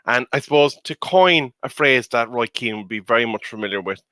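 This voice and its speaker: A man co-hosts a casual football discussion, laying out his views in a measured, articulate way. His voice is bright and sharp. It sounds dry and close, with no room echo. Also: medium pitch. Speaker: co-host pundit.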